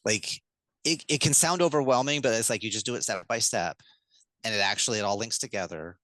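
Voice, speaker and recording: A man with a fairly low voice, talking as a podcast guest, quick and animated. He acts out parent lines to a child as he explains. The mic is close and dry, with no room sound. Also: no room sound, low-quality recording. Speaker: guest speaker on parenting communication. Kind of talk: enthusiastic podcast interview.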